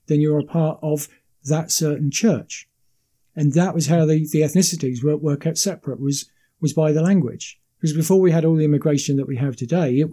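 A man with a slightly raised pitch and a deeply mellow, dark tone speaks in a relaxed conversation. He explains his views in a measured way, often doubling words before pressing on. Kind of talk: casual conversation.

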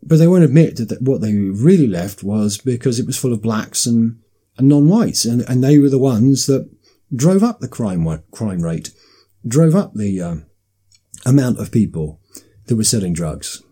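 A man holds forth in a monologue with a very dark, mellow timbre. His voice is husky, and his pitch rises and falls in lively swings. He talks insistently and often restarts his sentences. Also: normal speed. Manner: emphatic, insistent, with frequent restarts. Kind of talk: political monologue.

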